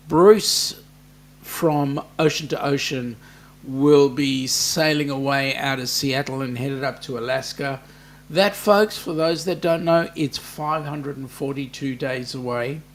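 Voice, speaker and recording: Chatty Australian man, slightly high voice. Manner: rambling, joking, chatty. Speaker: live stream host. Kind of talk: casual live stream chat.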